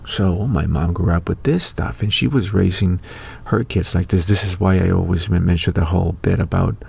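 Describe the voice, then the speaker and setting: A man's voice: sits low, normal speed, creaky, a little mellow, breathy edge. A middle-aged man hosting his own show, talking in a loose, rambling monologue full of fillers and restarts. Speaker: online show host. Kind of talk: casual spoken monologue.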